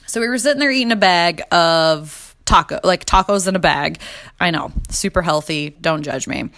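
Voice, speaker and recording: Laughing, animated young mom storyteller. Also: female voice, fairly low pitch, normal speed. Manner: laughs often, animated, swears freely. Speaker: mom vlogger. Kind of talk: casual confessional storytelling.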